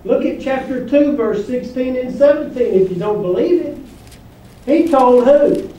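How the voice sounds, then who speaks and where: High-voiced preacher in an echoey hall. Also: male voice, lively intonation, moderate pace, mellow, far from the mic. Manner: preaching with rhetorical questions to the congregation. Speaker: pastor. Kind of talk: sermon. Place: church hall.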